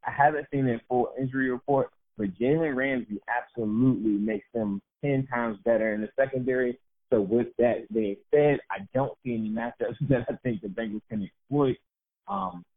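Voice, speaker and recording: A man co-hosting a sports podcast in loose, chatty, self-mocking talk, laughing easily. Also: lowish voice. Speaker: podcast co-host. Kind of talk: casual sports podcast chat. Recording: tinny phone-like line.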